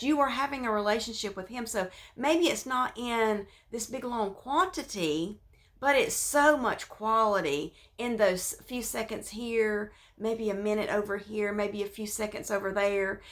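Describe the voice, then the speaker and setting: A woman giving an informal devotional talk, speaking conversationally with many fillers and restarts, and dropping to a soft, hushed voice when she voices prayers. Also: on the high side.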